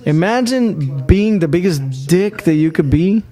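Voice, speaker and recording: A man's voice: fairly high pitch, lively intonation, a little slow, mellow. A man telling crude, boastful stories in casual podcast chat, swearing heavily and drawing out his emphatic lines. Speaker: podcast co-host.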